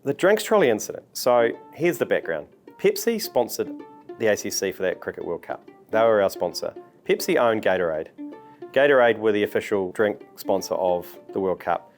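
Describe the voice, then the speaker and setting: Lively storytelling New man. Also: fairly low pitch, normal speed, faint music behind. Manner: animated, acts out quoted voices. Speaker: commentator recalling events. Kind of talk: storytelling interview.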